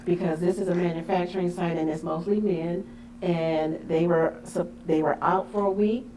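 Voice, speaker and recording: A woman hosting a podcast, chatting casually and telling animated stories, acting out the voices of the people she quotes. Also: fairly low pitch, moderate pace, noisy background. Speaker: podcast host. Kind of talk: casual chat.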